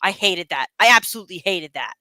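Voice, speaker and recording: Chatty bright-voiced young woman. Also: lowish voice, quick pace, dry recording. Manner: animated, rambling with many fillers and restarts. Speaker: stream co-host. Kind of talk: casual chat.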